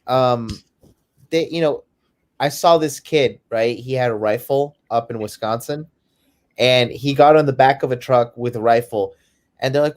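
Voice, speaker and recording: Crude, mocking male podcast co-host. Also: medium pitch. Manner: crude, mocking, animated storytelling. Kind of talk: casual chat.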